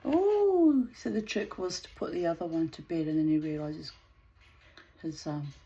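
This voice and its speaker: A woman's voice: low voice, moderate pace, warm tone, rough recording. A woman reading old myths aloud as a storyteller, with casual spoken asides.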